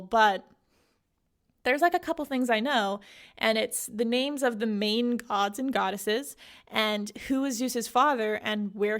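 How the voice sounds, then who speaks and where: A woman's voice: medium pitch, gravelly, a bit bright. A woman hosting a podcast, recapping a book in a casual, giggly way with lots of "like". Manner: chatty, giggly, heavy use of "like". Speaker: podcast host.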